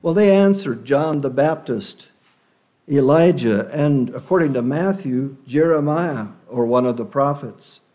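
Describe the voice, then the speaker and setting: A man preaching a sermon in an earnest, measured way, leaning hard on key words. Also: medium pitch, animated, dark tone.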